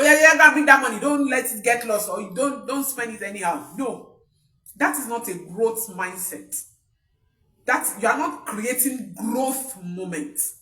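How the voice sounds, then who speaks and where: A woman's voice: a little high, fairly bright tone. A woman, coaching parents in an emphatic talk that repeats key points. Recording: echoey room, voice from a distance.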